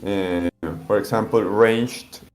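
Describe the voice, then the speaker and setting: A man's voice: on the low side, fairly even intonation, slow pace, soft background music. A man being interviewed as a game designer, explaining the rules step by step with many restarts. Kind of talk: interview answers.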